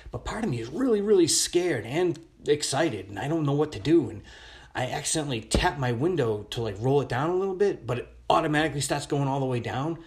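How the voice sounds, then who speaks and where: A man's voice: on the high side, animated, fairly quick, darkish tone. A man telling a long personal story in a casual voice message, rambling with many restarts.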